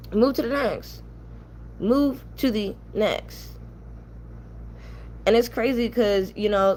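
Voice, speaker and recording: A woman's voice: medium pitch, a little mellow, slight background noise. Heated, blunt young New woman. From New York. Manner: blunt, ranting, profane. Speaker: commentary channel host. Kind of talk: heated casual commentary.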